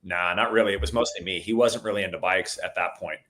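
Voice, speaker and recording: A middle-aged podcast guest tells stories in a relaxed, casual chat, calling the listener "dude" a lot and getting animated at the exciting parts. He talks fast in a low-sitting voice.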